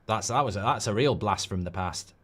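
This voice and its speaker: A man's voice: fairly low pitch, fairly quick, a bit bright. Chatty man hosting a watchalong. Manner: rambling, chatty, reads out viewer comments. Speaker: host. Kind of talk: live football watchalong chat.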